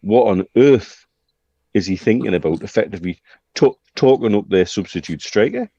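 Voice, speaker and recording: Bloke chatting football, lowish voice, lots of ums, dull dry lo-fi sound. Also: male voice, expressive, mellow, husky, dry recording. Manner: measured, hesitant with many fillers. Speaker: podcast co-host. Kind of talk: casual football chat.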